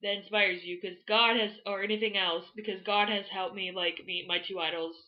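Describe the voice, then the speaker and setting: A teenage girl from Florida vlogging, telling a story in an excited, rambling way full of "like" fillers. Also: mid-range voice, a little fast, muffled recording. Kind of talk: casual storytelling to camera.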